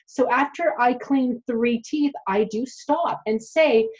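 Woman, dental hygienist, frank chatty talk to camera, fairly high voice, slightly muffled audio. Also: slow pace, few pauses. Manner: chatty, frank, addresses viewers directly.

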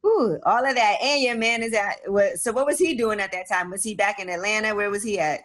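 A woman's voice: mid-range voice, fairly quick, fairly bright tone. A woman hosting a casual interview, laughing and asking blunt, probing questions. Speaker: host.

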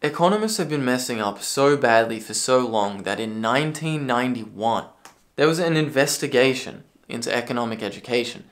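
A man in his own commentary video, ranting with a sarcastic, profane edge. His voice sits at an ordinary middle pitch, and his delivery swings from dry mockery to sudden bursts of shouting. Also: lively intonation, fairly quick. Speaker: political commentary video creator.

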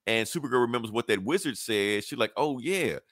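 Low-voiced man casually recapping a comic. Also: quick pace, fairly bright tone, no echo, studio quality. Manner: loose, slangy retelling with quoted character voices. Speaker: podcast co-host.

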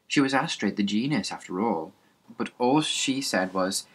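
A man's voice: fairly low pitch, normal speed, a bit bright. A man reading a novel aloud as an audiobook, plainly, with small slips and restarts. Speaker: reader.

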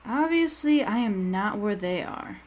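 A woman's voice: mid-range voice, animated, measured pace, darkish tone, a little hiss or hum. A woman streaming a game, talking to her chat in a rambling, jittery way that keeps tipping into panic. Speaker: gaming streamer. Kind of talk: live gameplay commentary.

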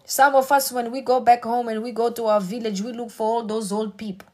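A woman's voice: on the high side, little pitch movement, fairly quick, dark tone. Woman preaching an emphatic sermon. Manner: emphatic, repetitive exhortation.

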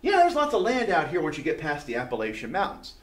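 Animated male history teacher lecturing. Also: a little high, fast. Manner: animated, conversational, pointing at a map. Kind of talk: classroom lecture. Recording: distant mic with faint room noise.

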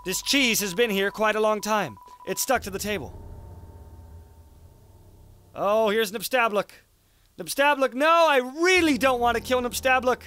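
A man's voice: high voice, measured pace, long pauses, sharp tone. A young man casually commenting on his gameplay, cursing and mocking himself. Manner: casual, swearing, self-mocking, laughs often. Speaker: let's play host.

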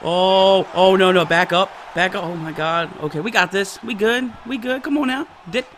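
A man giving excited live gameplay commentary as a YouTuber, full of loud yelps, shouts and trash talk. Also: sits high, normal speed, slight background noise. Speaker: gaming YouTuber.

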